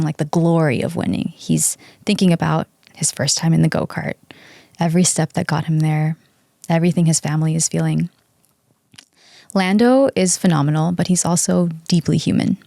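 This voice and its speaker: Gravelly-voiced woman podcast host. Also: fairly low pitch, darkish tone, no room sound, clean studio sound. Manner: earnest, gushing fan retelling. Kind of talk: casual podcast chat and recap.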